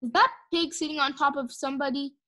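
A woman's voice: high-pitched, fairly even intonation, bright, forceful tone. A woman voicing an earnest, formal man who is a police officer in a storybook. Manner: brisk, formal, talks to himself.

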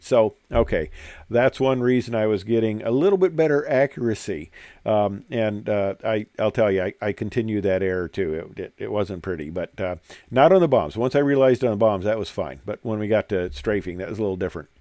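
With a lowish, dark, expressive voice and a fairly quick delivery, an older ex-military pilot rambles through anecdotes over his slides, using lots of fillers. The recording is studio quality with no echo.

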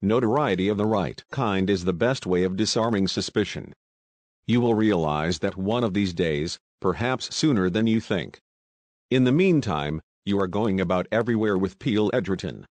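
Brief: bitter, excitable Russian plotter read by a man, low voice, urgent and reproachful, dry sound. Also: normal speed, dry recording.

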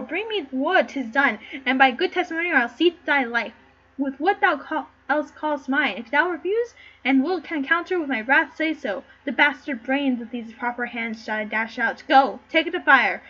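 In a slightly muffled recording with faint background noise, a woman with a high, sharp voice reads for an amateur play. She plays a jealous, furious king, barking out lines in a commanding manner.

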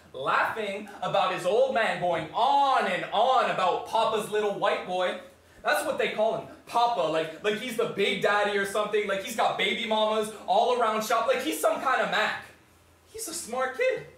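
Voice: medium pitch, fairly bright tone, natural voice. An actor performing a stage monologue as a brash young man, talking in swaggering, profane street slang. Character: brash young Canadian man telling of his half-brother. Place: theatre stage. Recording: roomy stage sound from far off.

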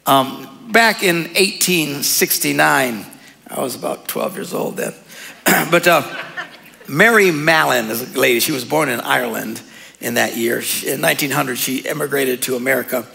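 A man's voice: mid-range voice, normal speed, creaky, bright, forceful tone. A man preaching a sermon as pastor, in a casual, joking way with frequent laughs. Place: church hall. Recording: long hall reverb.

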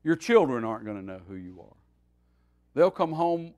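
A man, a pastor, teaching a Bible study in a folksy, animated preaching style that swings between loud and quiet. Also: medium pitch, normal speed.

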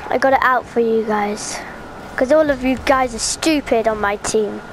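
A woman giving live gameplay commentary, excitable and often yelling at her teammates. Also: on the high side, normal speed, a little hiss or hum. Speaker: gaming channel host.

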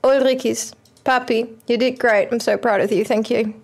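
A young woman, streaming a football manager game and chatting excitedly at it. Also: on the high side, moderate pace. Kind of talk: casual game commentary.

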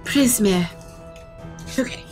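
A cursed centaur woman, once human, who stammers and apologizes her way through each sentence, as a woman puts her on. Her voice sits a little high, with soft fantasy music underneath. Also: takes it slowly. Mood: anxious, halting.

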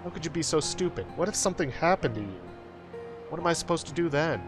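A man voicing an excitable young girlfriend who gushes and gets emotional, reading game lines aloud. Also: fairly high pitch, fast talker, music in the background, pitched above the performer's own voice, close to an everyday voice. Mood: upset. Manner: gushing and emotional.

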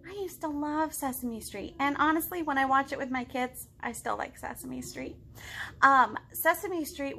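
A woman, a children's librarian with kids of her own, talking gently and warmly to young children at storytime, asking them questions and stretching words for effect. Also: sits high, slight background noise. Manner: gentle, animated, talks directly to kids.

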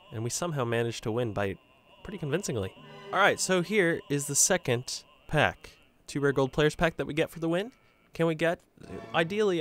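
Excitable man commentating his own gameplay. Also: medium pitch. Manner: excitable, talks to viewers as "boys", cheers at players. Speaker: gaming channel host.

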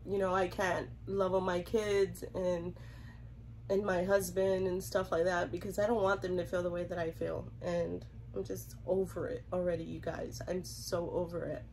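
A woman's voice: fairly low pitch, a little hiss or hum, rough recording. A young woman with a Southern US accent, chatting to camera about her reborn dolls, congested from a cold and giggling often. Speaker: reborn doll collector vlogger. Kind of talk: casual chat to camera.

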